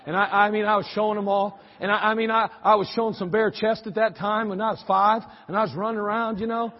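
A man with a high, husky voice preaches in a folksy, joking storytelling style and leans on repeated phrases. The sound is dull and muffled, with a long hall reverb trailing behind every line. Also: flat delivery, quick pace. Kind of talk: sermon storytelling.

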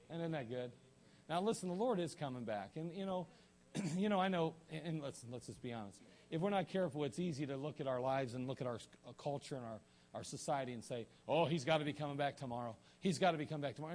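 A man's voice: medium pitch, darkish tone. A man preaching a sermon in a folksy, joking way, often restarting his sentences, with an Ohio accent. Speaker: pastor.

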